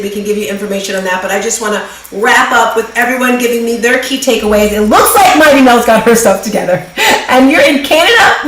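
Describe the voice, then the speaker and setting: A woman's voice: fairly high pitch, a bit bright, echoey room, low-quality recording. Woman coach running an online workshop, bossy and upbeat, on a video call, a little faint hiss. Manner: brisk, directive, upbeat. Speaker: workshop host and business coach.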